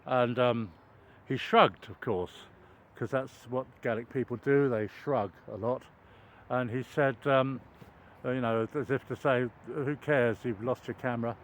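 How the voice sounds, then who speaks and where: An older vlogger walks outdoors through a wooded cricket ground, telling a meandering, self-deprecating story with many ums and restarts. His mid-range voice stays steady at a measured pace, with slight background noise.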